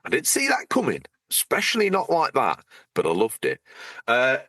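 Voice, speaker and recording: Male podcast co-host, bright lowish voice, dry sound; playful, teasing, digressive. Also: wildly swooping pitch, moderate pace, no echo. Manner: playful, teasing, rambling with jokey asides. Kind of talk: casual banter, reading out supporter thanks.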